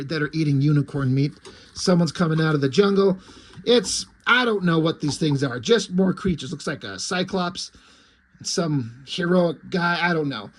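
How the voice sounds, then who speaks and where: Man with a high-ish voice, casual comic reviewer, relaxed and amused. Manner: relaxed, amused, many fillers. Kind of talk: casual review, reading aloud.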